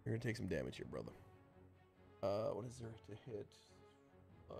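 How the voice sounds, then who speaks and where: A man running a tabletop role-playing game as dungeon master, narrating in a casual, halting way with frequent restarts. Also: fairly low pitch, very animated, creaky, a little mellow, faint music behind. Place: home streaming setup.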